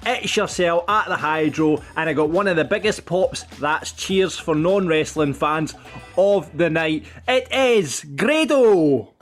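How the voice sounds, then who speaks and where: A man's voice: on the high side, a bit bright. A man hosting a podcast, teasing his guests with jokey introductions. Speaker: podcast producer and stand-in host.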